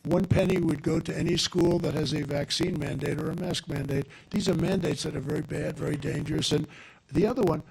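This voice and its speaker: A man's voice: on the high side, fairly even intonation, fairly quick, gravelly, a little mellow, husky. An older man giving a rambling, digressive campaign rally speech at a podium microphone, repeating his points for emphasis. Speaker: political speaker at a rally. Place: outdoor or large rally venue.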